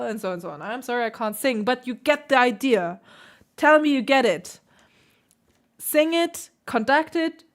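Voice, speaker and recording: A woman who hosts a piano channel, critiquing viewers' playing with emphatic, animated coaching. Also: fairly high pitch. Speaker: piano teacher and channel host.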